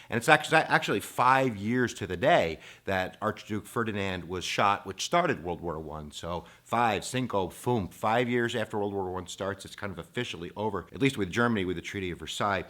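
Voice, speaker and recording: A man giving an energetic, informal history lecture to students, with playful asides and bursts of emphasis. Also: sits low. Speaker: teacher.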